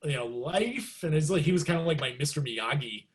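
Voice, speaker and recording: A middle-aged man, a guest musician, telling stories in a casual interview and acting out quotes with big jumps in pitch. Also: lively intonation, fairly quick, crowd noise.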